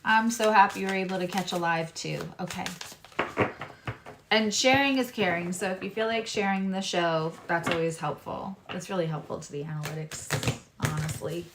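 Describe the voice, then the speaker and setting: A woman's voice: lowish voice, fairly even intonation, moderate pace, background noise. A woman reading tarot cards on a live stream, chatting with viewers in a loose, digressive way. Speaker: tarot reader and astrologer.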